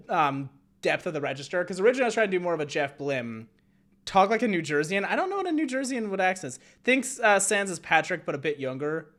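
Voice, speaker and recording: A man's voice: a little high, fairly bright tone. A man streaming a game, musing casually in a rambling way full of fillers. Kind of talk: casual chat.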